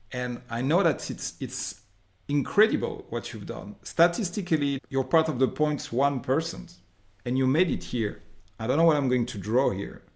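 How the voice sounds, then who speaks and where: French-accented guy teaching a business course, hyped and a bit dramatic, casual swearing. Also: mid-range voice. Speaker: online business course instructor. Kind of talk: recorded course lesson, drawing on a board.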